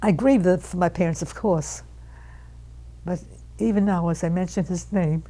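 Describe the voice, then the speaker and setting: Interviewee, woman aged 100. Lively storyteller who performs her family's lines. Low, husky, creaky, mellow tone. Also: moderate pace, poor audio. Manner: animated storyteller who acts out quoted relatives. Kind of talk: reminiscing storytelling.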